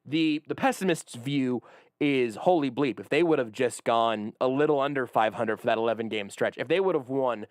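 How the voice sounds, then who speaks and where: A man hosting a sports talk radio show, leading the banter with wry, animated jokes. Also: medium pitch, moderate pace, no room sound, studio quality. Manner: animated, wry, leads the conversation.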